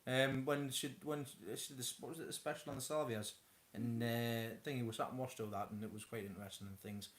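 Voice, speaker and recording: This is a man hosting a relaxed live stream from his home. He rambles, trips over his words and restarts sentences as he chats. His voice sits at a middling pitch. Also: fairly quick. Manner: rambling, stammering restarts, chuckling. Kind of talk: casual chat.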